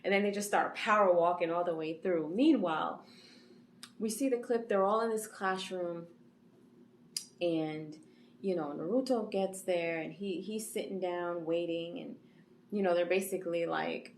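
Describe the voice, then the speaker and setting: A woman's voice: on the low side, moderate pace, a little hiss or hum. A woman giving a casual episode recap as an anime reviewer, retelling scenes in a chatty way full of fillers. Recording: echoey room.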